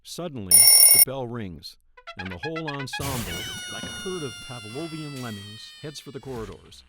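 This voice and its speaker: A man in his thirties narrating a first-person dream story in a wry, profane, deadpan way. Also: mid-range voice, normal speed, loud music behind the voice. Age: 30s.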